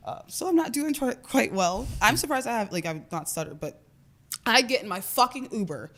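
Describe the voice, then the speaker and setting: A woman's voice: a little high, expressive, moderate pace, a bit bright. A woman in her twenties co-hosting a podcast, telling a long story in casual chat, swearing and saying "like" a lot. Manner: chatty storytelling, swears often, says "like" a lot. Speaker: podcast co-host.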